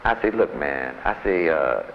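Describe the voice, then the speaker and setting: Man, very low voice, rambling street slang, muffled old tape, faint hiss. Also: lively intonation, moderate pace. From United States. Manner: loose and rambling, full of "man" and "you know". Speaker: interviewee recounting time in solitary. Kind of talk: casual storytelling in street slang. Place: prison visiting room.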